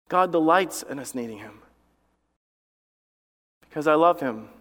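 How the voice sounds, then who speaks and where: A male pastor preaching with fervent, repetitive emphasis, his voice sitting a touch higher than most men's. He weaves family stories into the sermon. The sound carries a long reverb from a large church hall. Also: lively intonation, unhurried, long pauses, fairly bright tone. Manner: tells family stories from the pulpit. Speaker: lead pastor.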